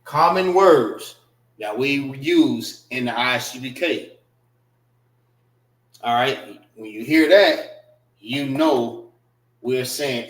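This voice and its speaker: A man teaching a class in a casual way. He repeats and spells out words slowly and uses slang. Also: medium pitch, reverberant, poor audio. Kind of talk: classroom language lesson.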